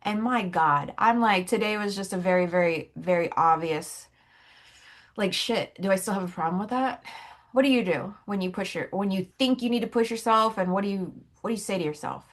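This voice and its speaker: A woman's voice: medium pitch, a little fast. A woman with a sore throat chats on a podcast as co-host. Her storytelling is candid and peppered with swearing, loose and conversational. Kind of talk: casual chat.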